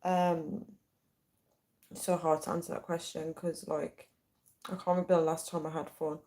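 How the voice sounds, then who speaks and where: A woman's voice: low voice, little pitch movement, moderate pace, dark tone. A woman on a casual livestream, chatting, giggling and reading viewers' comments aloud. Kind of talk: casual live-stream chat. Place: at home late at night.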